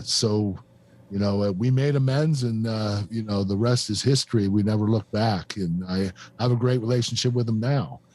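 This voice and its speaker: A man's voice: fairly low pitch, a little mellow. Earnest man telling a hard story. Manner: earnest, halting, many fillers and restarts. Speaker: podcast host and former wrestler. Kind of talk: emotional personal storytelling.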